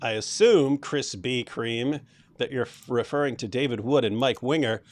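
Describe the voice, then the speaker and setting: A man's voice: mid-range voice, normal speed, dry recording. A man hosting a live stream, chatting casually, who mocks and laughs often. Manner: mocking, laughs often, restarts sentences.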